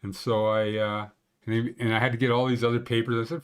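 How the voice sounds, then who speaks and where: A man's voice: mid-range voice, flat delivery, fast, smooth. A man hosting a casual live stream about local ski conditions, chatting with viewers in a rambling, joking way with lots of fillers. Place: Banff area.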